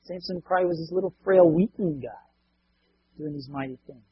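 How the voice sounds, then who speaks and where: A man's voice: fairly high pitch, brisk, slightly rough, lo-fi sound. A man preaching a sermon as a pastor, talking conversationally and often asking the congregation rhetorical questions.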